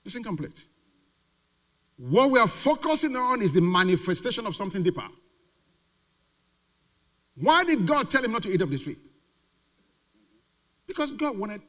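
A pastor preaching a sermon with emphatic repetition and rhetorical questions. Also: male voice, sits high, a bit bright. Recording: reverberant hall.

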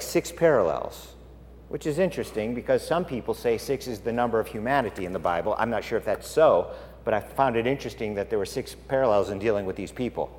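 A man preaching a sermon, animated and swinging between loud and hushed. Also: mid-range voice, big-room sound, a little hiss or hum.

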